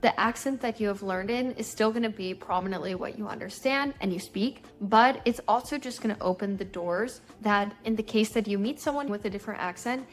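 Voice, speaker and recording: A young woman, a native speaker, gives an English lesson for learners. She talks in an upbeat, encouraging tone and explains each tip clearly, in the manner of a friendly online teacher. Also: mid-range voice. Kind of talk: YouTube language lesson.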